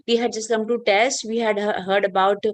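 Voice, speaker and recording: A woman voicing gracious demigods who speak gently and respectfully to a king. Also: medium pitch, little pitch movement, fairly quick, no room sound, natural voice. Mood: gentle. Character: gracious demigods revealing themselves, speaking together.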